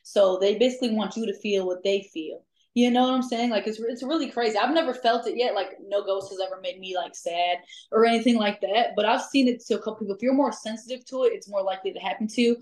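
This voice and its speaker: A woman guest telling ghost-hunting stories in casual chat, lively, laughing often and filling pauses with "um". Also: medium pitch. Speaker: guest, amateur ghost hunter. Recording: echoey room.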